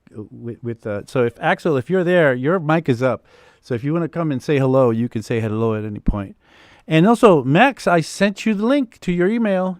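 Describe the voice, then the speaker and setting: A man with a medium-pitched voice hosts a live music production Q&A over a video call, recorded dry with clean studio sound. He rambles, piling on fillers and restarting his sentences, and he laughs easily.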